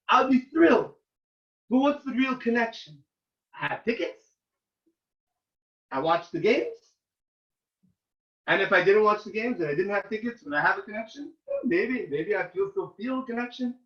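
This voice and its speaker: A man, a rabbi, giving an animated informal talk to students, getting loud and excited as he tells a story. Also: high-pitched. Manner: excitable, shouts and cracks when reliving a game. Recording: roomy, distant, dull lo-fi sound.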